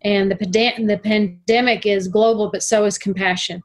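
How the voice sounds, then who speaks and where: A middle-aged woman in casual conversation, speaking earnestly and slowing down on words she wants to stress. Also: medium pitch, fairly even intonation. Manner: earnest, emphatic, slows down for emphasis. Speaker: guest.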